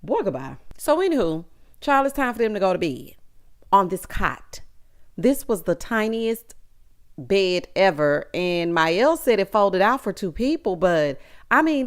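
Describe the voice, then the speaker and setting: A woman's voice: medium pitch, sing-song, moderate pace. A woman with a Southern US accent, recapping a reality show in a sassy, chatty way with asides to her viewers. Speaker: recap vlogger.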